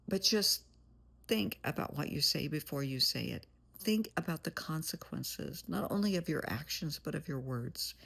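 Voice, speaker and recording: A woman's voice: low voice, vocal fry, a bit bright, slightly rough. A woman therapist giving blunt, plain-spoken advice in a monologue, calling the listener "honey". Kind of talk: motivational monologue.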